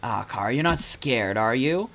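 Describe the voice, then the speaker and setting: A man reads a playful young sidekick from a game. He teases softly and sounds protective. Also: mid-range voice, animated, moderate pace. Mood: teasing.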